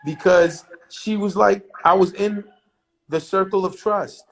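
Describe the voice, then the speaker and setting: A middle-aged man telling a story as an interview guest, brash, profane and animated. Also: high voice, measured pace, poor audio.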